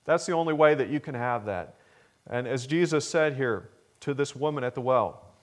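A man's voice: lively intonation, normal speed. Earnest male pastor preaching. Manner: earnest, builds to emphatic peaks then drops low and soft; acts out a child's pleading voice in a story. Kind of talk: sermon.

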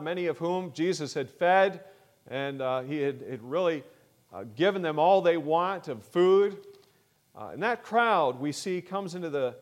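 A man preaching a sermon in an earnest, measured way, growing louder on the words he stresses. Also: on the high side, expressive.

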